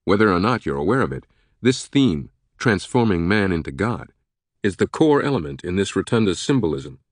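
A man's voice: low-pitched, big pitch swings, normal speed, dry recording, clean studio sound. A man voicing a learned male professor who explains history patiently. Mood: explaining.

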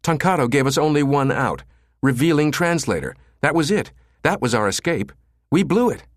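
A man reading the part of a huge, gruff male systems chief who snaps and growls sarcastically. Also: on the high side, expressive, moderate pace, no room sound, studio quality, voice pushed up, natural voice. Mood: gruff exasperated.

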